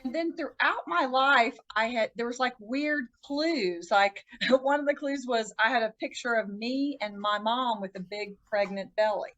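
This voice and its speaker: A woman with a fairly high voice tells her life story as a podcast guest. She talks casually and earnestly, restarting her sentences as she goes. When she quotes people, her pitch jumps sharply. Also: fairly bright tone, lo-fi sound. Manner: earnest, halting, with frequent restarts.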